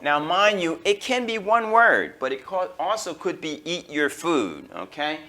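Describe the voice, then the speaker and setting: American guy teaching grammar, bright voice, keeps saying okay and all right. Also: sits high, very animated. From United States. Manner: slows down to stress key terms. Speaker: English teacher. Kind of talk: grammar lesson at a whiteboard.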